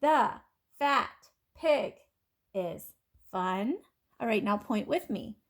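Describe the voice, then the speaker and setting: High-voiced, slow-talking kindergarten teacher. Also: female voice, animated. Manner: slow, clear sounding-out of letters and words; patient and encouraging. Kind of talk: phonics lesson for young children.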